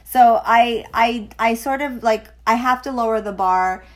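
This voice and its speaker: A woman's voice: fairly high pitch, a little slow. A woman in her forties co-hosting a podcast, talking candidly in casual chat with lots of "like" and restarts. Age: 40s. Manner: candid, frank, peppered with "like". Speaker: podcast co-host.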